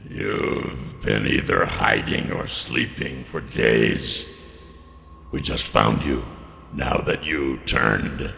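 Slow gravelly monster voice, super deep, menacing, faint hiss behind. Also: male voice, sharp tone, roomy sound, long reverb tail, exaggerated voice. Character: brutal gloating male monster, huge and cruel.

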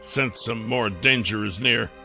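A man's voice: fairly low pitch, measured pace, creaky, sharp tone, soft background music, heavily acted. A man voicing a confident male dragon in human form, speaking in a dry, teasing, self-assured way. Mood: wry.

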